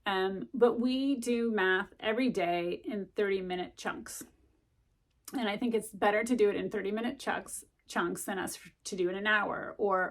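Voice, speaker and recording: Middle-aged woman, gravelly fry, mid pitch, casual vlog chatter, rambling with ums and likes. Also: normal speed. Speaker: vlogger giving study tips. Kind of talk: casual chat to camera.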